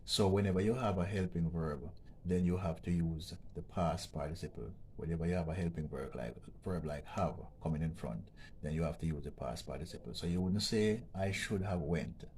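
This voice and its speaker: With a rumbling low, darkish voice, a man gives a patient grammar lesson in an educational vlog, restating each point and checking in with "okay?" A little hiss or hum sits in the audio.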